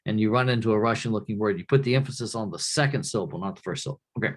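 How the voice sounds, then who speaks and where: A man's voice: fairly low pitch, very fast. Casual male lecturer in a classroom. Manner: relaxed, conversational, checks in with "right?" often.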